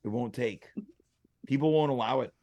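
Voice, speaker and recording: Gravelly male talk show host. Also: mid-range voice, normal speed, darkish tone. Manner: playful, upbeat, teasing. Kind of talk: casual chat show hosting.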